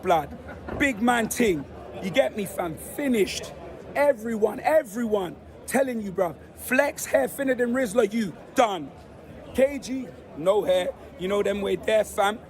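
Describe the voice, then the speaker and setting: A hoarse young man with a London accent, vlogging loudly and boastfully to a phone camera after a football win. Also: high voice, lively intonation, measured pace. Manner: loud, boastful street-slang banter. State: hoarse, voice nearly gone. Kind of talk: excited fan vlog to camera. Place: crowded street outside a stadium. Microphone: handheld phone camera. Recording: noisy crowded street. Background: crowd of fans.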